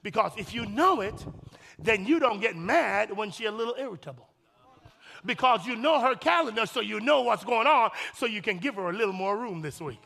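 High, gravelly preacher in a reverberant hall. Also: male voice, animated, fairly quick, bright, forceful tone. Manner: emphatic, repeats phrases, addresses the congregation directly; folksy and humorous. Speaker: pastor. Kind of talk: sermon.

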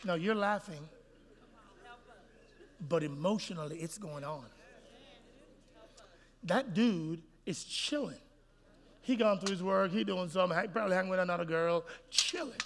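A male pastor preaching with emphatic, repetitive, animated delivery in a church. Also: high-pitched, moderate pace, long pauses, background noise. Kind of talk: sermon. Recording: echoey hall.

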